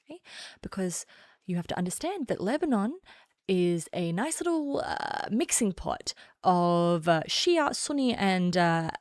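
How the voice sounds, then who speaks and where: A woman's voice: on the low side, big pitch swings, unhurried, dry recording, clean studio sound. An Australian woman doing casual political commentary on a stream, blunt and sarcastic, often laughing.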